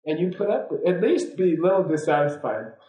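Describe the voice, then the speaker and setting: A man's voice: fairly high pitch, sing-song, brisk, warm tone. A man giving an informal, rambling teaching talk to a class, full of fillers and restarts. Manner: rambling, conversational, many fillers. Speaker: spiritual teacher. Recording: roomy echo.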